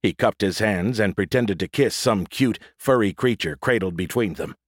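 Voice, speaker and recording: Low, lively-pitched male narrator for an audiobook, close and dry. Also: normal speed, dry recording. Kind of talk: scripted narration.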